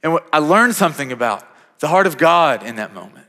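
Church pastor preaching in a reverberant hall. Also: male voice, a little high, big pitch swings, a little fast. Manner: conversational, repeats words when starting phrases, builds to louder emphatic peaks. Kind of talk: sermon with personal story. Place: church sanctuary.

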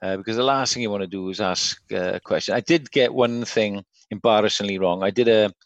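Welsh guy, lowish voice, chatty anecdotes, kinda muffled dry sound. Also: brisk, no room sound. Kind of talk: casual chat, storytelling.

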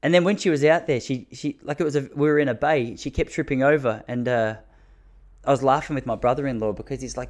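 Man, casual rambling storytelling, backyard outdoors, self-interrupting, mid pitch. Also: fast talker. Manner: rambling, self-interrupting, drops to a hushed mutter when the neighbour passes. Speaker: vlogger talking to his audience.

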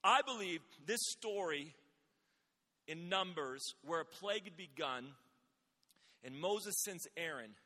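High-voiced preacher in an echoing hall. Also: male voice, slow pace, long pauses. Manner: animated storytelling, rising to shouts. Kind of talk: sermon. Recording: hall with long reverb.

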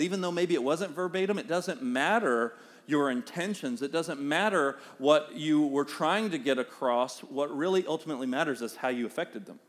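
A middle-aged man with a Southern US accent preaching a sermon as pastor, with animated swings in pitch and loudness.

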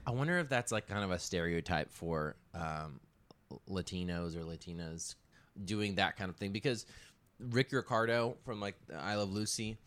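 A man with a smooth, fairly low voice chats casually about growing up. He laughs easily and clears his throat now and then. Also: animated, moderate pace, a bit bright. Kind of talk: casual chat.

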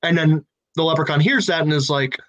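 Dude pitching plot ideas step by step, thinking aloud, bit of a higher voice. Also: male voice, fairly quick, fairly bright tone, muffled recording. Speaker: writer in a story brainstorm. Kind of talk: casual creative brainstorming.

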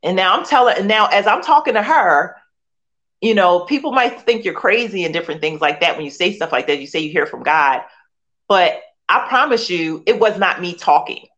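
A Philadelphia woman in her forties, an author appearing as a guest, shares her personal testimony in a lowish, expressive voice with a fairly bright tone. She speaks at a normal speed, earnestly and emotionally, with plenty of you-knows and restarts.

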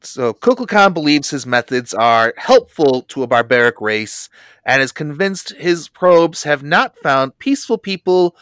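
A man co-hosting a podcast, recapping a cartoon episode with lively storytelling and wry asides. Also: medium pitch, clean tone, dry recording. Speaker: podcast co-host.

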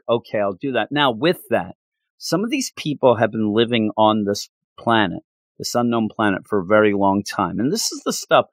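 A man's voice: medium pitch, no echo, clean studio sound. A man hosting a comics podcast, reviewing issues in a loose, jokey, late-night goofy way.

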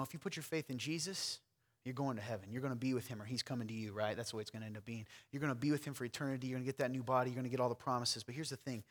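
Preaching to his church congregation, a pastor with a mid-range male voice moves between loud calls and hushed near-whispers. He also turns to the listeners with conversational asides.

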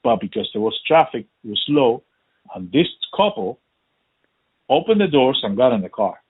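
Husky man telling a profane story. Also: medium pitch, normal speed. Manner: profane, animated, acts out quotes. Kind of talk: casual storytelling chat. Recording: tinny phone-like sound.

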